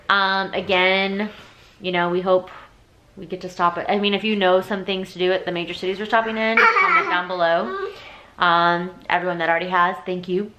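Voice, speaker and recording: A woman's voice: mid-range voice, low-quality recording. A young woman vlogging at home at night, chatty and emotional, close to tears, with lots of "like"s. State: teary. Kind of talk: casual nighttime vlog chat. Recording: loud background noise.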